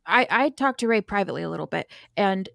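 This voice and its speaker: Gravelly-voiced woman co-host. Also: mid-range voice, expressive, fast, a bit bright, no room sound, clean studio sound. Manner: candid, conversational. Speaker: podcast co-host. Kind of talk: casual live-stream chat.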